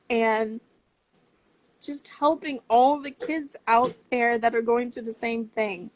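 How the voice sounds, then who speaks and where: Earnest slow-talking woman. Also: a little high, fairly even intonation. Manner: earnest, impassioned, heartfelt. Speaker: parent advocate. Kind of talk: casual talk to camera.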